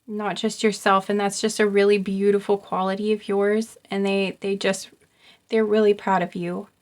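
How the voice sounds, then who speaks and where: A young woman giving an encouraging pick-a-card reading, speaking in a soft, halting way with many pauses and repeated words. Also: medium pitch, flat delivery. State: getting choked up. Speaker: tarot card reader.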